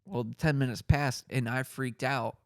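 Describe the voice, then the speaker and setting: A young man co-hosting a podcast, telling funny stories and squeaking into high voices when quoting people. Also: fairly even intonation, normal speed. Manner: storytelling with high-pitched impressions of others. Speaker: podcast co-host. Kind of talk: casual chat.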